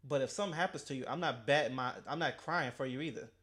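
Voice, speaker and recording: A man in a mid-range voice, reacting casually to a video. He talks back at what he sees, animated and blunt, and often stumbles, repeats himself and restarts mid-sentence. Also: mid-range voice, fast talker.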